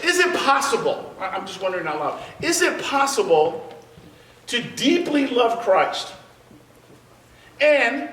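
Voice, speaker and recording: A man teaching a church Bible class. He tells personal stories in an animated way, stammers and restarts, laughs as he talks, and drops his voice low for effect. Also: slight background noise. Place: church sanctuary. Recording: roomy church sound picked up from a distance.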